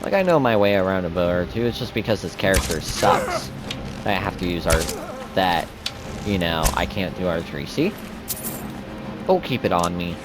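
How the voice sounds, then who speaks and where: A man's voice: sits low, lively intonation, moderate pace, pauses often, heavy background noise. A young man giving casual gameplay commentary as a streamer, chatty and rambling. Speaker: gaming streamer.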